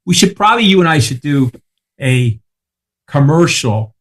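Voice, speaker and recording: A man guesting on a podcast, telling rapid, profane stories full of asides and checking in with the listener. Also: a little high, sing-song, a bit bright. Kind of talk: casual chat.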